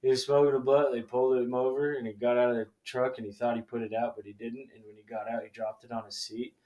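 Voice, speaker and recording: A man's voice: medium pitch, flat delivery, fast, darkish tone, muffled recording. A man in casual chat, telling a laid-back anecdote.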